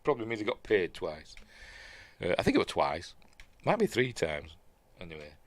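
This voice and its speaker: A man's voice: deep voice, wildly swooping pitch, normal speed, dry recording. A man with a Yorkshire accent gives a casual, rambling watch-along commentary on a film, full of fillers and restarts, as host of his own show. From Yorkshire, England.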